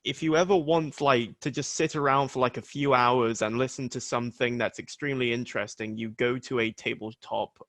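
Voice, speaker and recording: A man's voice: mid-range voice, fairly even intonation, fairly quick, few pauses, fairly bright tone, no room sound. A man hosting a film screening panel, giving earnest praise and casual reflective remarks.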